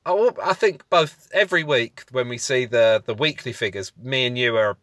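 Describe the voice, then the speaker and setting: A man's voice: mid-range voice, normal speed, a bit bright, no room sound, studio quality. A man co-hosting a casual podcast, a comedian talking loosely with plenty of ums and some teasing. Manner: chatty, rambling with ums, teasing. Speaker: podcast co-host.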